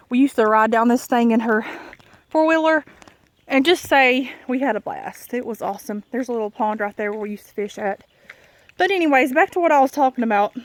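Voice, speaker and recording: A woman talks to her viewers as she walks a country road outdoors. Her voice sits a little high, and she is audibly out of breath as she rambles on in a chatty, confiding way, holding her phone camera. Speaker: vlogger. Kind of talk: casual chat while walking.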